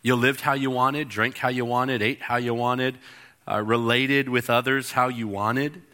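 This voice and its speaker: A man's voice: medium pitch, measured pace. A male pastor preaching a sermon in a church, explaining scripture and acting out the voices in the stories he tells. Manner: expressive preaching, acts out quoted voices.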